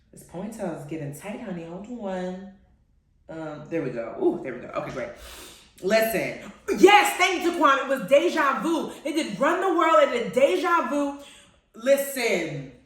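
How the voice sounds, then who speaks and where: Gushing woman host in an echoey room. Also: mid-range voice. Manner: gushing and animated, calls listeners honey and y'all. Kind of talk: live-streamed TV review chat. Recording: very echoey room, far from the mic.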